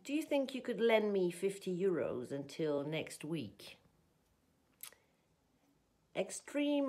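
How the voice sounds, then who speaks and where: A woman teaching an English lesson, reading example sentences and explaining grammar in a slow, deliberate way. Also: medium pitch, a little mellow.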